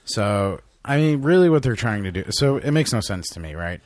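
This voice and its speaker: Guy on a podcast, kinda sick, real low voice, dry sound, cusses a lot. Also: moderate pace, no echo. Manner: swears a lot, animated storyteller. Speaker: podcast co-host. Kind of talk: casual chat.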